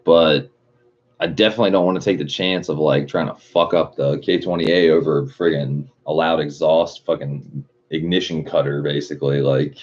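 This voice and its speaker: A man with a very deep, darkish voice hosts a livestream, chatting at a moderate pace with fairly even intonation. He rambles loosely, chuckles often and swears all the time, captured in dull lo-fi stream audio.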